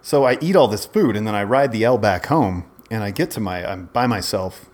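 A man's voice: on the low side, animated, a little fast, darkish tone. A man in his forties, a podcast co-host, telling a long rambling story in casual chat, often breaking off and restarting. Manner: rambling, self-interrupting storyteller.

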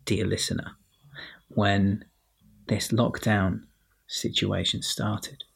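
Bloke rambling into his laptop at home for his podcast, breathy husky voice, kinda low, laughs at himself. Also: little pitch movement, slow, a bit bright. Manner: self-mocking, rambling with restarts. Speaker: podcast host. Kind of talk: solo casual monologue to listeners.

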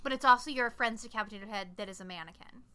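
A woman's voice: mid-range voice, fast talker, sharp tone, smooth. A woman co-hosting a podcast, giving emphatic, critical commentary in casual chat. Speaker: podcast co-host.

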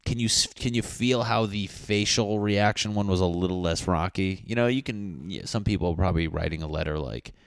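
A man's voice: sits low, fairly quick, few pauses, no echo, studio quality. A man talking casually to camera as a comedian, in a profane, teasing, mock-insulting rant. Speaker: comedian vlogger.

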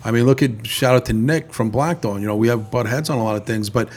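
A man's voice: mid-range voice, fast, darkish tone. A man who works as a band manager, talking bluntly in a casual chat and swearing freely.

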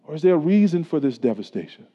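Middle-aged pastor in an echoing hall. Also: male voice, a little high, big pitch swings, quick pace, husky. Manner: conversational preaching with personal stories. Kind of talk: sermon. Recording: dull lo-fi sound with long hall reverb.

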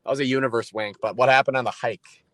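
A man co-hosting a podcast, speaking bluntly and deliberately in casual chat. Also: mid-range voice, fairly even intonation, fairly bright tone, no echo, rough recording. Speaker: podcast co-host.

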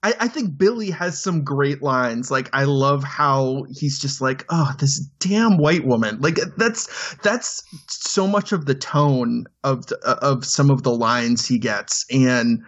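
A man co-hosting a film podcast, talking casually with many halting restarts. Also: mid-range voice, fairly bright tone. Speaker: podcast host. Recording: dull lo-fi sound.

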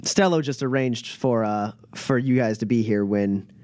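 A man voicing a woman who leads a small undercity crew in a tabletop game, speaking haltingly with many fillers. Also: mid-range voice, darkish tone, no echo, close to an everyday voice. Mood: matter-of-fact. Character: woman gang leader in the undercity, hesitant.

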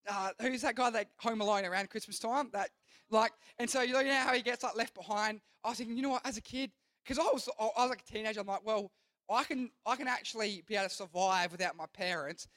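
Young man, youth pastor preaching, high voice, earnest rambling delivery full of restarts, dry sound. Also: quick pace, fairly bright tone, no echo. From Australia. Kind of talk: youth sermon.

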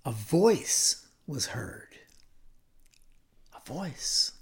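Man telling a bible story, lively, drops to whispers then gets loud. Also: mid-range voice, very slow, vocal fry. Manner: animated, shifts between loud emphasis and hushed whispers. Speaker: Bible teacher. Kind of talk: dramatic scripture storytelling.

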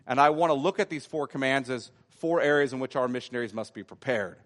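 A male pastor preaching an expository sermon, stressing key phrases by repeating them and slowing down on important words. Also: medium pitch, in a large hall. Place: church sanctuary.

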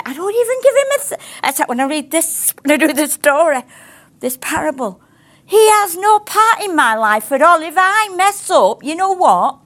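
A woman's voice: sits high, big pitch swings, a little slow, a bit bright. An older woman, teaching a sermon in a chatty way and acting out the voices she quotes. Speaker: ministry teacher.

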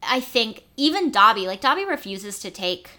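A woman's voice: fairly high pitch, very animated, sharp tone. A woman co-hosting a podcast in casual chat, emphatic and sassy with lots of filler likes. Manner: emphatic, sassy, talks fast with many likes. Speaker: podcast co-host.

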